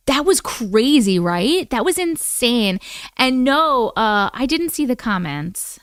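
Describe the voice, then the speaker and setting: Her voice sits high and she takes her time as she reads viewer chat on a casual livestream. With an Oklahoma accent, she vents in an animated, exasperated way, laughing and swearing often. The studio recording is clean and echo-free.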